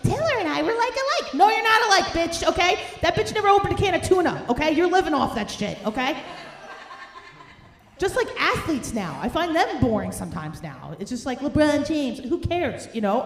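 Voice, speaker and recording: A woman, doing a brash, profane, ranting stand-up set while hungover. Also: sits high. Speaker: stand-up comedian. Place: comedy club stage. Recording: roomy club sound, faint noise.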